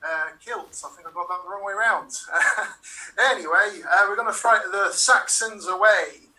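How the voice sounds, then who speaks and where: A man's voice: sits high, moderate pace, bright, forceful tone, far from the mic, poor audio. A man, an improv performer, fumbling through a half-remembered scene over a video call. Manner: fumbling, chuckling recall with fillers.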